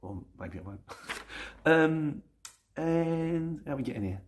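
A man's voice: a little high, animated, unhurried, a little hiss or hum. A middle-aged man with a London accent hosts a casual Q&A, reading out viewer comments in a chatty, rambling way with self-mocking asides. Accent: London English. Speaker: YouTube channel host.

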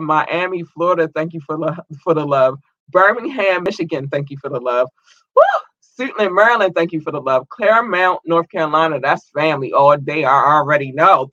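Excitable man hosting a solo podcast. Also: on the high side, no room sound, dull audio. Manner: excitable, thankful, chatty. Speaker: podcast host. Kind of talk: solo podcast shout-outs.

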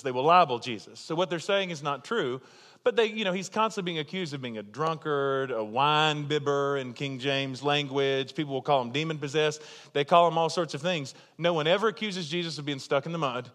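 Guy preaching, chatty and joking, kinda high voice, big echoey hall. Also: a bit bright. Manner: conversational storytelling, laughing at his own jokes. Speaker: pastor. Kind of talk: sermon.

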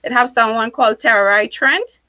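A woman with a non-American accent, a relationship expert speaking as a guest in a casual interview, animated and quick to laugh. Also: fairly high pitch, dry recording, lo-fi sound. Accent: foreign accent, not American. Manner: animated, laughs often, tells stories.

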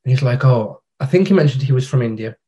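A man talking as a podcast guest. His voice is mellow and warm, and he speaks frankly and casually. He tells long anecdotes and uses slang. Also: mid-range voice, lively intonation, fast, dull audio. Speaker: podcast guest, digital marketer. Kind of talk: casual conversation.

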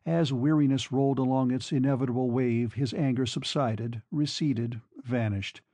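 Steady male audiobook narrator, dark voice. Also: mid-range voice, no room sound. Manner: measured, steady. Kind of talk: scripted narration.

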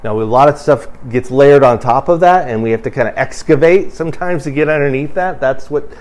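A man preaching a sermon as a pastor, speaking conversationally, building to emphatic bursts and then dropping low and quiet. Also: fairly quick.

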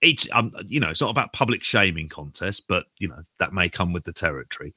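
A man's voice: low-pitched, expressive, fast, bright, forceful tone, slightly rough, dry recording. A middle-aged man co-hosting a podcast, chatting in a wry, sweary, bantering way. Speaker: podcast co-host. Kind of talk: casual chat.

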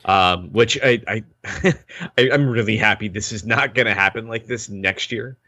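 A man with a lowish voice and a bright, forceful edge talks on a podcast. He rambles, restarts his sentences and laughs between thoughts. The sound is dry and close. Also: normal speed, no echo. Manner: rambling, self-interrupting, laughs often. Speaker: podcast co-host. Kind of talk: casual chat.

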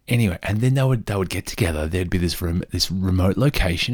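A man's voice: low-pitched, expressive, fast talker, few pauses, darkish tone, dry recording. A man telling rambling, self-deprecating stories in a casual solo monologue.

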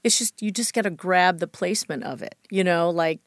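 A woman in a casual interview, speaking about voice and accent work with lively examples and frequent restarts. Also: on the low side, fairly quick, dry recording, studio quality. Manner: animated, explains with examples, restarts often. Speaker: voice actor guest.

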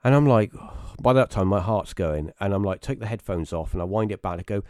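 A man with a British accent, a guest telling rambling personal stories casually, restarting often and jumping into high voices when he quotes people. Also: animated, brisk, darkish tone, dry recording, clean studio sound. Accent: British English. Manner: rambling anecdotal storytelling with many restarts; acts out quoted voices with sudden high pitch. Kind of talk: casual storytelling on a live stream.

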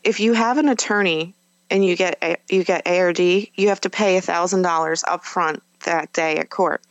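A woman's voice: on the low side, normal speed, no echo, muffled recording. A woman guest on a podcast, candidly recounting a personal experience in a conversational way, with fillers and self-corrections.

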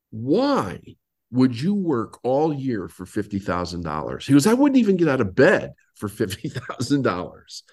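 A man, a business coach guest on an interview, telling his story and acting out old conversations. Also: on the low side. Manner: animated storyteller, acts out past dialogue.

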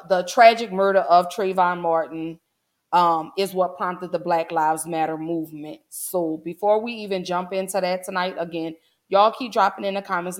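A woman in her forties hosting a casual livestream, talking earnestly to her viewers and holding back tears. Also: fairly low pitch. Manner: earnest, heartfelt, many "um"s, addresses chat as "y'all". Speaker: livestream host.

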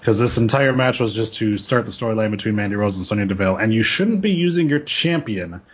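A man with a slightly husky voice chats loosely on a podcast, crude jokes and easy laughter in his talk. The audio is dull and lo-fi. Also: on the low side, lively intonation, fast talker. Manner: joking, crude, laughs often. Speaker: podcast co-host. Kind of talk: casual wrestling podcast chat.

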